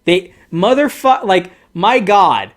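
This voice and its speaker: A foul-mouthed man delivers a sarcastic comic commentary with deliberate slowness. His voice lurches between excited peaks and mocking, lowered asides. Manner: sarcastic, profanity-laden ranting; swings between excited highs and mocking lows. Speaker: comic book reviewer. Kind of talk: profane commentary reading comic panels.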